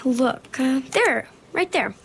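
A woman's voice: high-pitched, animated, takes it slowly, gravelly, a bit bright, a little hiss or hum, heavily acted. A woman playing an earnest, polite young woman who runs interviews in an audio drama. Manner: polite and earnest, giggly when nervous.

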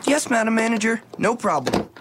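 A woman's voice: a little high, very animated, normal speed, noisy background. A woman voicing an earnest, loyal teenage boy in an audio drama. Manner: earnest and encouraging.

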